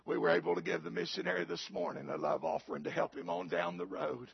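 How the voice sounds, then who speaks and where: A man, a pastor, preaching a sermon with a raspy voice, building to shouted climaxes and calling out to the congregation. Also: on the high side, steady tone, fast talker, no room sound, dull audio.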